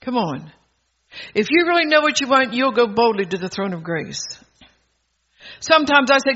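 High, bright-voiced older male preacher. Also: lively intonation, moderate pace. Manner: bold, exhorting, chuckles between phrases. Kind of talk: sermon. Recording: dull lo-fi recording.

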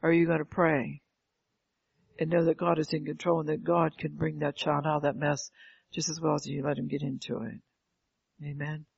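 Gravelly, husky older woman preaching. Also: deep voice, level tone, normal speed, dry recording. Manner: fervent, calls out "Amen" and rhetorical questions. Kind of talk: sermon. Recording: dull lo-fi, dry sound.

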